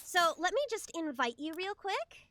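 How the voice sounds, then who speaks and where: A young woman streaming a game, chatting casually and excitably with a friend. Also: very high-pitched, moderate pace, no room sound. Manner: bubbly, excitable, giggly. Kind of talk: casual gaming stream chat.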